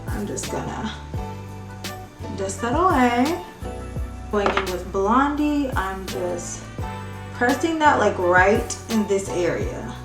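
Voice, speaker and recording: A woman's voice: mid-range voice, expressive, takes it slowly, pauses often. A woman beauty vlogger talking through a casual makeup tutorial in a chatty, sing-song tutorial voice. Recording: echoey room, distant mic, music behind.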